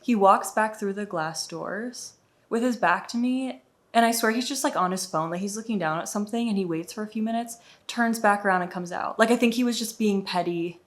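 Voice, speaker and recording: A woman's voice: mid-range voice, brisk. A young woman from the United States chatting through an exasperated storytime vlog, with lots of "like". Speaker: vlogger. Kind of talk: casual storytime.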